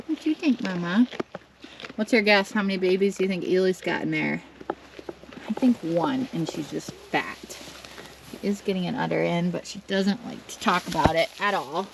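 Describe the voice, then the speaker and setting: A woman talks casually through a walk around her farm and barn, switching into high coos and baby talk for her goats. Her voice sits a little low with a gravelly, creaky edge. The recording is noisy, with goats bleating behind her. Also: moderate pace. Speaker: farm vlogger. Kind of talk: casual farm vlog chat.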